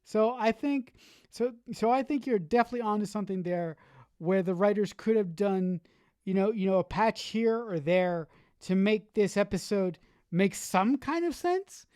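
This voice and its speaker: Female podcast co-host, mid-pitched, measured, repeats words while thinking; dry recording. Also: animated, dark tone, no echo. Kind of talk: casual chat.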